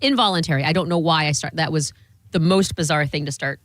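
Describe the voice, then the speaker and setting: A woman's voice: deep voice, fast talker, no echo. A woman co-hosting a radio show in casual chat, telling stories about herself with laughs and a self-mocking manner. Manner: self-deprecating storyteller, animated, laughs often. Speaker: radio co-host.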